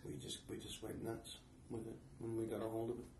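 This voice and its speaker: A man co-hosting a casual podcast, telling stories in a relaxed way that trails off quietly. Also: fairly low pitch, fairly quick, recorded from a distance. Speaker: podcast co-host. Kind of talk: casual chat among friends. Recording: echoey room with faint hiss.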